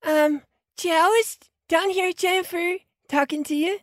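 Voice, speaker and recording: A woman in an improv comedy show, talking hesitantly and filling gaps with ums. Her voice is high and bright, and it sounds close and dry. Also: a little slow, no room sound. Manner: hesitant, fidgety, lots of ums. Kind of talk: improvised comedy role-play.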